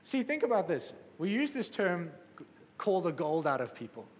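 A man's voice: sits high, very animated, normal speed. Fervent preacher man in a reverberant hall. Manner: passionate, rising to exclamations then dropping soft. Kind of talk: sermon.

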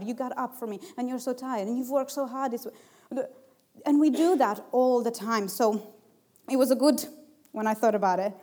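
A woman's voice: a little high, a little mellow. A young adult woman giving a personal devotional talk, chatty and self-deprecating, who laughs at herself. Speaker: preacher.

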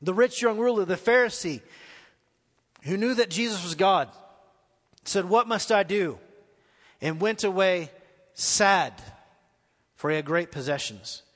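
A man's voice: high-pitched, animated, measured pace, pauses often, a bit bright, big-room sound. A man preaching a live sermon as pastor, asking the congregation questions as he goes. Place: church hall.

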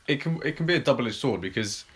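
A man hosting a podcast in casual chat, giving his views in a relaxed way and steering the talk to the next topic. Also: mid-range voice, fast talker. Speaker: podcast host.

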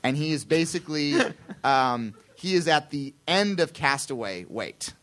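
A man telling a long, self-deprecating anecdote on a live theatre stage, rambling and slipping into quick impressions of other people. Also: on the high side, expressive, a bit bright. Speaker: comedian guest telling a story.

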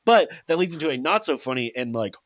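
A man's voice: fairly high pitch, fast, dry recording. A man chatting casually with friends as a podcast co-host, telling stories animatedly and acting out what people said. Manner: animated storyteller, mimics people in quotes. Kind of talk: casual chat.

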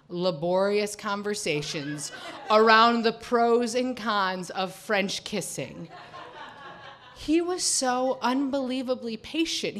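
A woman's voice: mid-range voice, a bit bright, a little hiss or hum. A woman in her thirties tells a personal story from her teens. She speaks in a wry, confiding way and often slips in amused, laughing asides.

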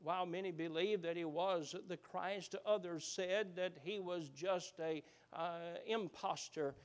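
High-voiced halting male preacher. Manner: halting, with many uh's and repeated words; swings from loud and rising to hushed and low. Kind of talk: sermon.

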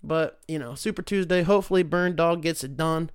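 A young man talks through a loose solo show. He rambles, swears freely and leans on sarcasm, and his voice sits a little higher than most men's. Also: brisk, smooth, no room sound, clean studio sound. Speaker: podcast host. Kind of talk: casual solo commentary.

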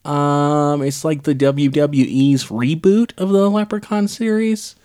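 A man's voice: on the high side, slow pace, a little mellow, clean tone. A man on a casual podcast, recapping a film in a sarcastic, rambling way with lots of ums. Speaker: podcast co-host reviewing a film. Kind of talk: casual chat.

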